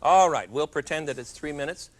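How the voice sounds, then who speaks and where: A man's voice: on the high side, fairly quick. A middle-aged man hosting a television cooking show, chatty and jovial with joking asides as he demonstrates in a studio kitchen.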